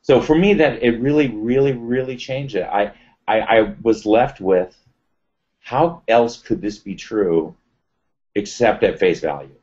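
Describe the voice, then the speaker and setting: Man, interview guest, low voice, lively storytelling, puts on other people's voices, dull lo-fi sound. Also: unhurried. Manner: animated retelling, acts out quoted voices.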